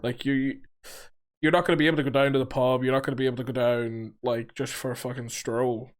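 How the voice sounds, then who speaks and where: Talking fast in a flat, medium-pitched voice, this young podcast co-host rambles through his points in casual chat. He leans heavily on fillers and swears casually.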